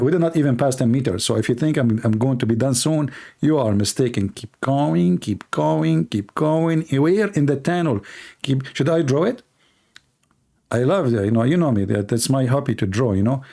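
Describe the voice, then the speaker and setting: A man's voice: mid-range voice, lively intonation, normal speed, gravelly, warm tone. A man hosting his own online show in a sarcastic, mocking monologue, speaking English with non-native grammar.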